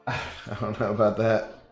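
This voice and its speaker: A man's voice: lowish voice, completely flat delivery, takes it slowly. A man with a Southern US accent, casually chatting with his stream viewers in a rambling way and laughing often. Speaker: game streamer. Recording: roomy room echo, faint music. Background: faint background music.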